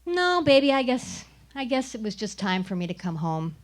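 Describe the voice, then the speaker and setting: A woman's voice: a little high, big pitch swings, normal speed. A woman voicing her exasperated father in a live story, with dry, teasing remarks. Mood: resigned. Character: exasperated middle-aged man, a dad.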